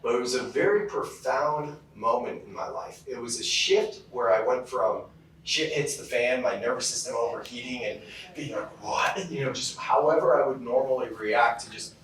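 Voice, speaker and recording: A man from California gives a casual motivational keynote, rambling through stories with easy fillers at a mid-range pitch. He stands well back from the microphone, so his voice arrives distant. The big hall around him rings with heavy echo, and a faint hiss of room noise sits underneath. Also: normal speed, fairly bright tone. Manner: casual storytelling with many fillers. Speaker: keynote speaker. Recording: very echoey hall, heard from far off.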